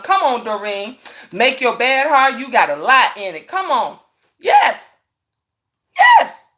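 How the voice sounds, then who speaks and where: A middle-aged woman lectures her viewers like a mother laying down house rules. She repeats herself for emphasis, preaches, and gets loud when she drives a point home. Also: a little high. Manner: repetitive, preachy, raises voice for emphasis. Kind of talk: emphatic casual rant.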